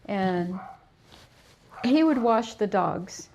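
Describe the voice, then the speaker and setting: Middle-aged lady groomer chatting away to the dog and her viewers, slow and easy, mid pitch. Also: expressive, darkish tone, lo-fi sound, a little hiss or hum. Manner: talks soothingly to the dog, chatty storyteller. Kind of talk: casual livestream chat while working. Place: grooming salon.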